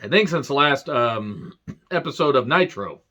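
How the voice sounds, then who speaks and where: A man's voice: mid-range voice, expressive, moderate pace, sharp tone, dull audio. A man giving a casual, rambling review rant, sarcastic and full of swearing. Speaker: wrestling show reviewer.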